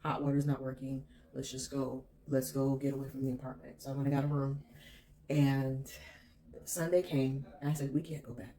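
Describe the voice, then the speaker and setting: A woman's voice: very deep voice, flat delivery, normal speed, dark tone. A woman vlogger telling a personal story in an emphatic, candid way, swearing freely.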